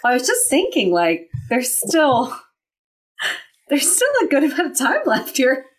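A woman co-hosts a podcast, reacting to a movie with expressive exclamations. She talks slowly, and her pitch swings widely. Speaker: podcast co-host. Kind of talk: casual movie watch-along chat.

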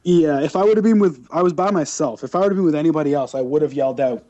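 A man co-hosting a podcast in casual chat, talking in an animated, ranting way and slipping into mocking impressions. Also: on the high side, fast, muffled recording. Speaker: podcast co-host.

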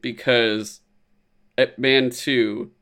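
A man's voice: mid-range voice, very slow. A man talking casually on a podcast, recapping films with lots of energy. He swears freely and drops into silly voices whenever he quotes someone. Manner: animated, profane, acts out quotes in silly voices. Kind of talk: casual chat.

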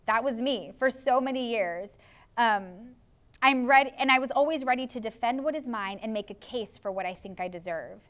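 A woman's voice: a little high, normal speed, a bit bright. A woman pastor preaching a sermon in an earnest, confessional way, often slipping into spoken prayers as asides.

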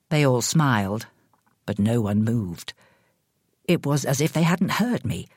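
A woman reading a first-person suspense story in a slow, dramatic way, dropping into hushed whispers. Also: very deep voice, lively intonation, husky, dry recording, studio quality.

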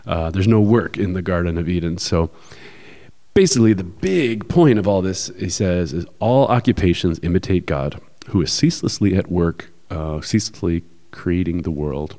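Very deep-voiced man explaining ideas. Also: moderate pace, warm tone. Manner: explanatory, thoughtful, with many fillers. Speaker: podcast co-host. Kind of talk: casual discussion.

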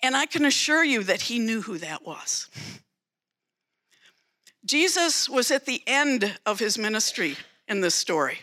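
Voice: mid-range voice, sing-song, a little slow, long pauses, bright, forceful tone. A preacher giving a sermon, retelling a story dramatically with emphatic repetition.

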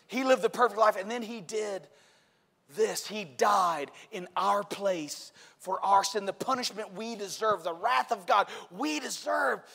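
A man preaching a sermon with passion and shouted emphasis, recorded in a church sanctuary. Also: sits high, unhurried, creaky. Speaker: pastor. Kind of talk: Easter sermon. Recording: long reverb of a church hall.

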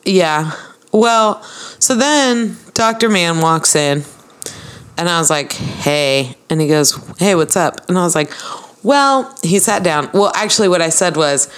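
A woman's voice: lowish voice, expressive, a little slow, clear, resonant tone. A woman co-hosting a casual podcast, telling stories and acting out the dialogue. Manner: chatty storyteller acting out quoted dialogue. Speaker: podcast co-host. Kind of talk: casual chat, storytelling.

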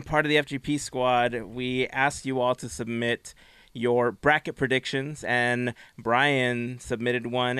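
Man, podcast host, casual chat, bright tone, smooth clear voice, dry close sound. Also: mid-range voice, no echo. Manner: relaxed, chatty, laughs easily.

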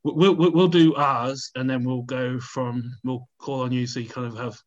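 A man's voice: medium pitch, fairly even intonation, normal speed. A man co-hosting a sports podcast, rambling casually with many restarts and easy laughter. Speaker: podcast co-host. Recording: slightly dull sound.

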